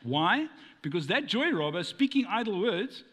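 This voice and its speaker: A man preaching with a high, lively voice that leaps around as he talks. He jokes and fires rhetorical questions at the congregation, and his words ring out with a long hall reverb. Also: moderate pace. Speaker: pastor. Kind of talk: sermon.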